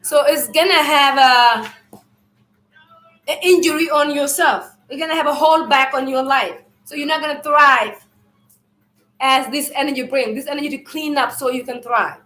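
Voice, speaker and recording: A high-pitched woman talks loudly and loosely on a live stream, rambling through a spiritual message to her viewers. Her throat is irritated and she keeps clearing it. The sound carries a roomy echo. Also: moderate pace. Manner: loud, loose and rambling, speaks to viewers as family.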